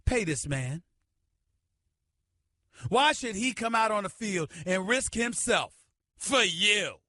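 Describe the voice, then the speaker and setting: A middle-aged man hosting a sports radio show, ranting loudly and emphatically into a studio microphone. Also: sits high, animated, slow pace, dry recording. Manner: loud, emphatic, shouting tirade.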